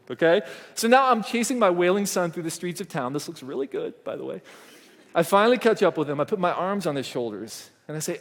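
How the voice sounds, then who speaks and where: Speaking quickly in a high voice, this middle-aged conference speaker shares a family story during a motivational keynote on stage. He performs the characters' voices vividly, and the large hall gives the recording a long reverb.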